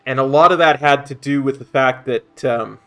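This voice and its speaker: A man's voice: medium pitch, moderate pace, a bit bright, smooth. A middle-aged man with a Canadian accent, chatting casually as a streamer while he plays a game. He talks in a rambling way and often repeats words as he searches for his point. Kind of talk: casual chat while gaming.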